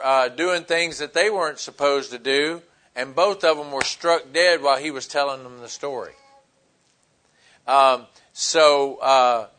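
Male pastor, high voice, casual sermon delivery with filler words. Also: sharp tone. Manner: conversational preaching with fillers, acting out Bible dialogue.

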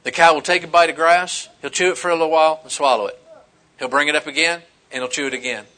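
A middle-aged man preaching a sermon as pastor, animated and folksy, mixing scripture with humorous personal stories. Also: on the high side, quick pace.

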